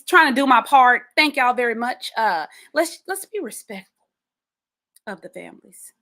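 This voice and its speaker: A woman hosting a podcast in casual solo chat, talking animatedly and directly to her listeners and repeating words for emphasis. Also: mid-range voice. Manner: animated and chatty, addresses listeners directly, repeats words when stressing a point. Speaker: podcast host.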